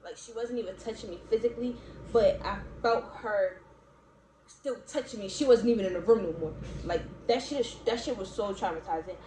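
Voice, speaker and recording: A woman's voice: mid-range voice, fairly quick, warm tone. A young woman from Baltimore chatting casually to viewers, rambling with lots of "like" and "y'all" and frequent laughs. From Baltimore, USA. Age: young adult. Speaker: vlogger. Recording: echoey room, faint background noise.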